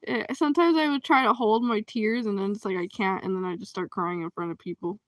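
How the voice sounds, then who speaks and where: A woman hosting a casual livestream chat, reacting to comments, expressive and quick to laugh. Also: medium pitch, dry recording.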